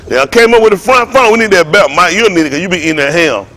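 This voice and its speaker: A man preaching to a congregation in a joking, storytelling way, laughing and shouting often. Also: high-pitched, animated, fast. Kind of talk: comic sermon talk to a congregation.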